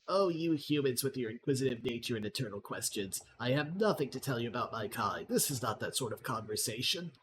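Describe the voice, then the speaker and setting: A man's voice: medium pitch, expressive, brisk, few pauses, fairly bright tone, a little hiss or hum, close to an everyday voice. A man voicing a boastful, cruel male gremlin lord in a computer game, in a smug, taunting, mock-regal manner.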